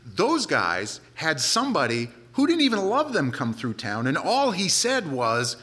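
A man's voice: on the high side, wildly swooping pitch, unhurried, hardly any pauses, a bit bright. A man preaching a sermon, retelling a scripture story in a casual, conversational way.

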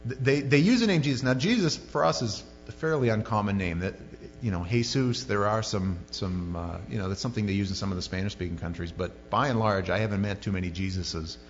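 A male pastor with a fairly low voice preaches a little fast, keeping the sermon conversational and joking, with many asides. The lo-fi recording was made in a reverberant hall, with faint music audible.

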